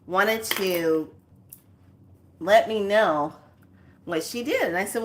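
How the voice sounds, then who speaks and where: Woman, spiritual channel host, casual storytelling, lowish voice, acts out the dialogue. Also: slow pace, pauses often. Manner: animated, acts out both sides of a conversation with laughs.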